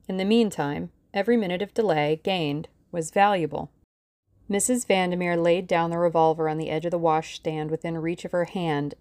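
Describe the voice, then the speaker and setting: A woman reading a novel aloud as an audiobook narrator, in a measured, steady storytelling manner. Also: fairly low pitch, no room sound. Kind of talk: scripted narration.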